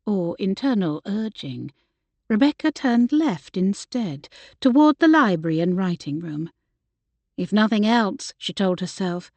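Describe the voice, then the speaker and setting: A woman reading an audiobook with measured, even storytelling, close to a studio mic. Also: medium pitch, no room sound. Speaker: audiobook narrator. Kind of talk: scripted narration.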